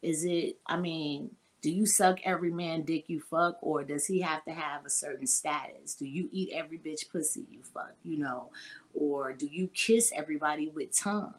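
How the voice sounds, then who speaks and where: A woman's voice: sits low, moderate pace. A woman hosting a podcast, talking bluntly and explicitly and quizzing her listeners. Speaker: podcast host. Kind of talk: casual frank talk with listeners.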